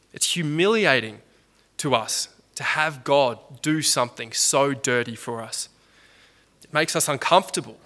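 A man's voice: medium pitch, bright, forceful tone. A man preaching a sermon in a conversational way, with frequent restarts and rhetorical questions.

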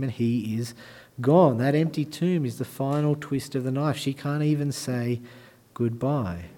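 A man with a fairly high voice preaching a sermon and reading scripture. He sinks into hushed, soft stretches, then builds to loud, emphatic declarations.

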